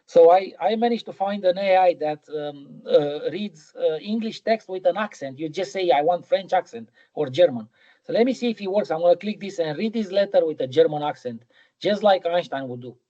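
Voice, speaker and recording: A man's voice: high voice, lively intonation, normal speed, warm tone, muffled recording. A middle-aged man giving a physics lecture in a webinar, hesitant, with many ums and repeated words.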